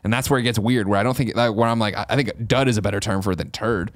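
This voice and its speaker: Guy cohosting a podcast, lively, swears a lot, dry close mic. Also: on the low side, very fast, no echo. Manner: animated, swears casually. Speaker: podcast co-host. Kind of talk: casual chat.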